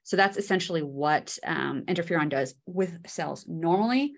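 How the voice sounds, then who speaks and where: Woman, college lecturer, casual and chatty, fillers, slightly low voice. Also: expressive, moderate pace, creaky. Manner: chatty, many fillers, folksy analogies. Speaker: microbiology lecturer.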